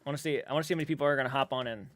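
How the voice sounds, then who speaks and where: A man's voice: medium pitch, very fast, a bit bright, no room sound. A man chatting casually on a live stream, reading viewers' comments aloud, rambling and swearing freely.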